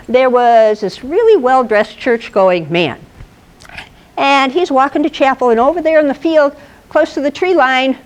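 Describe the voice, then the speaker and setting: Playful female presenter at a live talk, higher pitch and very animated delivery. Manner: playful, animated, asks the audience questions. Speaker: presenter at an astronomy club talk. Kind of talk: lively storytelling lecture.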